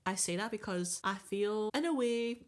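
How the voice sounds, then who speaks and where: A woman's voice: mid-range voice, normal speed. Dry, teasing woman in her twenties. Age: 20s. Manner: dry and teasing, lots of "mm-hmm". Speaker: podcast co-host. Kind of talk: casual chat.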